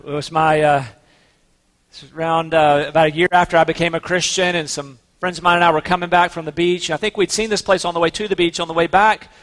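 High-voiced preacher in a reverberant hall. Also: male voice, fairly bright tone. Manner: conversational storytelling with fillers and restarts. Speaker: pastor. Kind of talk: sermon.

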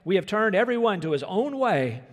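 High-voiced man preaching in a reverberant sanctuary. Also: big pitch swings, fairly quick. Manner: emphatic, repetitive preaching with quoted asides. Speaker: pastor. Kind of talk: sermon. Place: church sanctuary. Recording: long hall reverb.

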